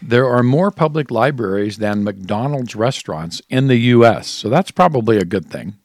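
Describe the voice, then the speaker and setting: A man's voice: mid-range voice, lively intonation, moderate pace, no room sound. A man co-hosting a casual radio-style chat, reading out spooky stories and trivia facts and laughing often. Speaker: co-host.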